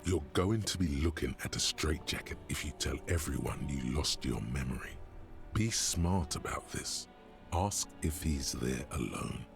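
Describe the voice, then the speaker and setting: Gravelly, very deep inner voice. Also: male voice, expressive, over music, heavily acted. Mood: warning. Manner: slow, measured warnings. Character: deep-voiced male inner voice, cautioning and wary.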